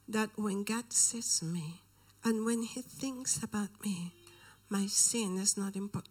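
A woman delivers a sermon as a personal story, talking in an ordinary middle pitch. She often sinks into hushed whispers for weight and lifts her voice when she quotes others. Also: slow, slightly rough. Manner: dramatic storytelling, drops into whispers for emphasis. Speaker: preacher.

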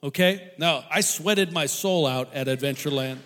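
A man telling a funny personal story to an audience, animated and laughing often mid-sentence. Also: a little high, moderate pace, big-room sound, slight background noise.

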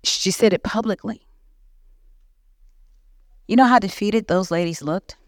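A woman preaching to a women's session at church, lively and conversational. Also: mid-range voice, a little slow, no room sound, clean studio sound. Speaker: guest speaker. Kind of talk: teaching sermon. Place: church hall.

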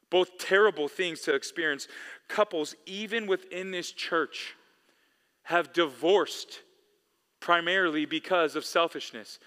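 A man's voice: a little high, sharp tone. A man preaching a sermon as pastor, emphatic and repeating key phrases for weight. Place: church sanctuary. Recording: long echo of a big hall.

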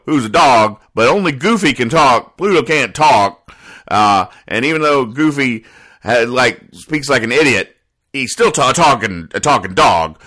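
A man reading comic strips aloud and explaining the jokes in a rambling, deadpan way, with sighs and trailing asides. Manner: rambling, dry, sighing, trailing off low.

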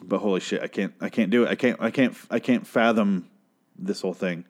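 A man's voice: on the low side, fairly quick. A man hosting a podcast who delivers an exasperated, heavily profane comedic rant and keeps breaking off to apologize. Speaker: podcast host.

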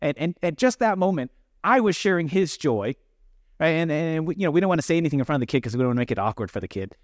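Man preaching, casual and self-deprecating, a bit higher pitched, dry close sound. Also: animated, quick pace, no room sound. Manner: conversational, self-deprecating, acts out quoted voices. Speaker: pastor. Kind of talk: sermon.

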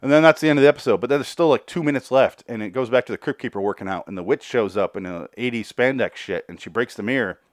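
A man hosting a podcast gives a rambling, sarcastic review of a cartoon, swearing freely as he goes. His voice sits at an ordinary mid pitch and is recorded close and dry. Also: fast talker, few pauses, no room sound. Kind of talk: casual review chat.

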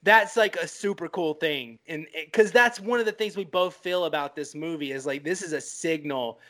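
A man's voice: on the high side, normal speed, a bit bright. A man co-hosting a casual film podcast, rambling with lots of "like" and restarts, and swearing now and then. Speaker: podcast co-host.

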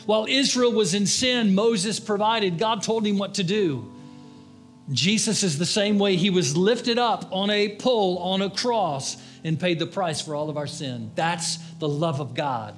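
A man preaching a sermon as a pastor, impassioned, swinging between raised appeals and hushed, low pleas. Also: a little slow, soft background music. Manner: impassioned preaching, rising and dropping to hushed tones.

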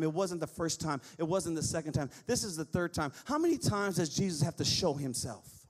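A man preaching a sermon as pastor in a church, reading scripture and calling on the congregation to answer back. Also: fairly high pitch. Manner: preaching, quoting scripture, calls on the congregation to respond.

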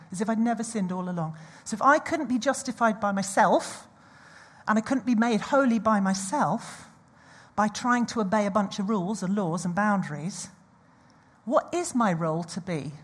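A woman delivers a sermon in an animated storytelling manner. She often breaks off to speak straight to the congregation. Her voice sits fairly high and has a husky, breathy edge. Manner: animated storytelling with audience asides. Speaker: preacher.

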